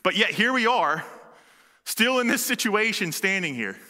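A man preaches a sermon in an animated, conversational manner. His voice sits high with a sharply bright edge, and a long hall reverb trails his words. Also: moderate pace.

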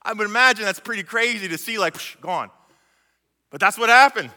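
Guy giving a sermon, high voice, super bright, casual slangy storytelling, long echo from a big church hall. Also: a little fast. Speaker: preacher.

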